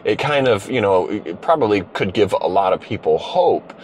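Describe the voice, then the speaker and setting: A man with a lowish voice recounts a story in a relaxed chat, full of fillers and quick restarts. A faint hiss sits under his voice, as if recorded on the move. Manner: animated anecdote telling, frequent fillers and restarts. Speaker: host. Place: car driving through a city.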